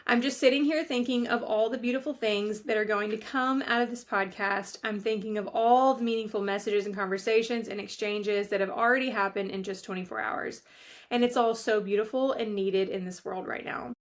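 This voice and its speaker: A woman hosting her own podcast, speaking in an earnest, heartfelt way as she reflects aloud, partly reading from her notes. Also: mid-range voice. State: pregnant, near due date. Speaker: podcast host. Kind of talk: reflective solo podcast monologue.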